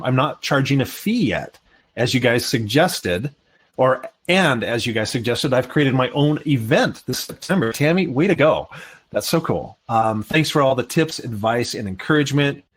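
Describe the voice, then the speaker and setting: A man co-hosting a live podcast, talking enthusiastically and reading listener comments aloud. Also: mid-range voice. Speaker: podcast co-host. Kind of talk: casual live podcast chat.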